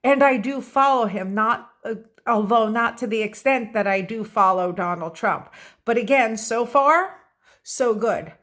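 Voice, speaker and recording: A woman's voice: fairly high pitch, unhurried, fairly bright tone. An American woman giving opinionated political commentary in a vlog, talking straight to her viewers and stressing key words. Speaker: political vlogger.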